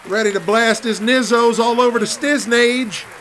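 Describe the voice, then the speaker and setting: Open mic host, male, high voice, loose and profane banter. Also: moderate pace, a bit bright, slight background noise. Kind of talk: casual hosting banter.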